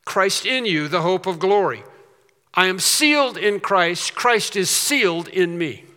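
A man's voice: high-pitched, lively intonation, unhurried, pushed and bright. A man preaching a sermon in an emphatic way, repeating his key phrases. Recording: long reverb of a large hall.

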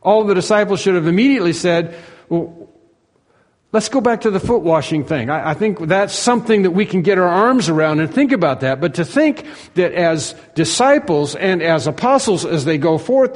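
A man's voice: high voice, lively intonation, moderate pace, few pauses, in a large hall. A man preaching an expository sermon, emphatic and repeating himself, and voicing the disciples' questions. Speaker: pastor.

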